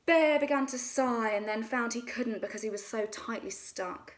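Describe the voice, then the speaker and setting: A woman storyteller reading a children's story aloud in a gentle, expressive way. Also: on the high side, moderate pace, hardly any pauses.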